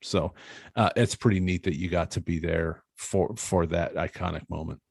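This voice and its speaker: A man's voice: low-pitched, steady tone, normal speed, gravelly, slightly rough, no echo, clean studio sound. A man in his thirties hosting a podcast interview, talking in an earnest, rambling way and hedging his words. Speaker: podcast host. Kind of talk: casual interview chat.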